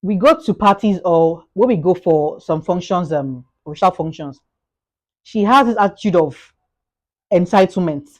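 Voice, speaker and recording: A Nigerian-accented woman vlogs a motivational talk, speaking fast and animatedly, often repeating and restarting words. Her pitch is fairly low and the recording quality is poor.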